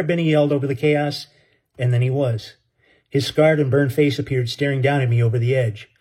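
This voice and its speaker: A man's voice: medium pitch, fairly even intonation, a little fast, darkish tone. A man narrating an audiobook story in an earnest, dramatic way.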